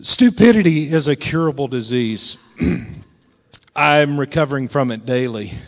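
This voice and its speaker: A middle-aged man preaching a storytelling sermon in a church, folksy and animated, swinging between loud bursts and low, quiet lines. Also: normal speed. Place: church sanctuary. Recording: long reverb of a large hall.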